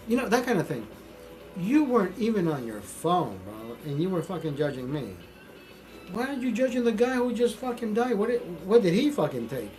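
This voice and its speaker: A man hosting a live stream, telling stories in a profane, animated way with many repeated words. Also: sits high, brisk, soft background music, rough recording. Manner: profane, animated storytelling with repetitions. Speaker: livestream host. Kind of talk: casual live-stream talk.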